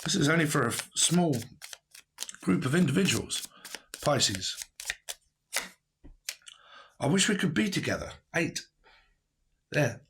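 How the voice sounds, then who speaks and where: A man's voice: a little high, sing-song, slow pace, long pauses, background noise. A man giving a casual tarot reading to camera, blunt and rambling, who swears and laughs often. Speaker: tarot reader.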